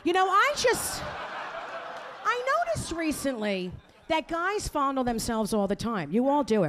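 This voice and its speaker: A woman's voice: high voice, sing-song, a little slow, fairly bright tone, slight background noise. A woman comedian doing a stand-up set on a comedy club stage, brash and crude as she teases the crowd into a handheld mic.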